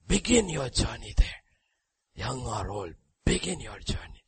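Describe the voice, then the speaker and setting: A husky older man delivers a sermon, his pitch rising and falling with great animation. He repeats short questions and commands for emphasis. He sinks to soft near-whispers, then swells into loud exhortation. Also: big pitch swings, measured pace, low-quality recording. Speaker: preacher.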